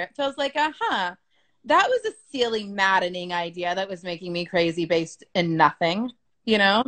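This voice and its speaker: A woman's voice: mid-range voice, animated, moderate pace, a bit bright. A woman talking frankly and casually in an interview, with many fillers and the odd swear word. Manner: frank, chatty, sprinkled with swearing and "like". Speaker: business coach being interviewed.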